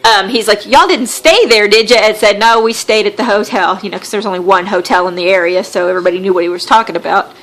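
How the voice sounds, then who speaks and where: A woman with a Southern American accent, a podcast host telling a funny story in a casual, wry, animated way. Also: mid-range voice, quick pace, few pauses. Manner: animated, wry storyteller who acts out quotes.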